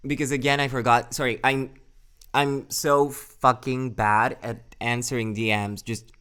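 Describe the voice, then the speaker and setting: A young man talks casually to his chat on a live stream at home, rambling and cursing freely. His voice is smooth and resonant at a middle pitch, and he laughs at his own mistakes. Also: steady tone, moderate pace, pushed and bright. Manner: rambling, swears a lot, answers chat; self-deprecating, laughs often.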